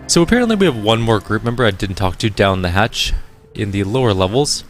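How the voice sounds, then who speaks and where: Low-voiced man reading game text. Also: a little fast, soft background music. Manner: steady, descriptive reading. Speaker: let's play host. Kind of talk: reading game narration aloud.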